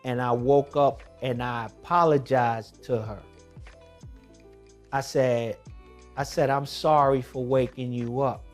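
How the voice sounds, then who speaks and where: A man telling a personal testimony in a vlog, moving from hushed tones to emphatic shouting. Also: mid-range voice, fairly even intonation, takes it slowly, faint music behind. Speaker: documentary vlogger.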